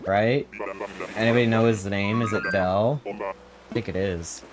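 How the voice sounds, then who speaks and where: A woman with a strikingly deep voice chats and jokes with her viewers while streaming a game. Her talk is loose and playful as she reacts to chat, with game music playing clearly behind her. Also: steady tone, a little slow. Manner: joking, chatty, reacting to chat. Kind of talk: casual live-stream chat.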